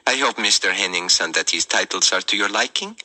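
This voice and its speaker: A businesslike, stout Russian woman librarian speaks in formal, declaratory sentences, as a male narrator puts her on. The voice stays deep and bright-toned. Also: animated, a little fast, heavily acted, poor audio. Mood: brisk.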